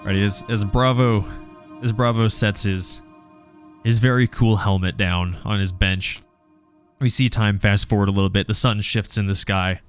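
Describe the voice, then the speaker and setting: A man narrating as game master of a tabletop role-playing game, halting and restarting often. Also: lowish voice, fairly even intonation, faint music behind.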